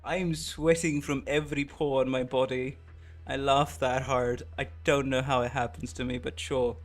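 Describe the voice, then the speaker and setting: A man's voice: mid-range voice, little pitch movement, moderate pace, faint music behind. A man streaming a game, chatting casually with his viewers in slangy talk and laughing easily. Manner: giggly, slangy, talks to chat.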